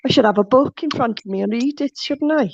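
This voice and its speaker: A woman's voice: high-pitched, a little fast, vocal fry, darkish tone, a little hiss or hum. Sweary self-mocking woman on a dull call. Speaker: live panel guest. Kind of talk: casual chat. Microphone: online call.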